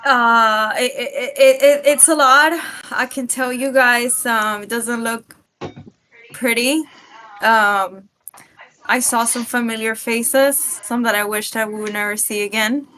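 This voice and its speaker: Slow, bright-voiced woman player. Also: a little high, fairly even intonation, a little hiss or hum. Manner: hesitant, stammering. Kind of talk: casual tabletop game chat.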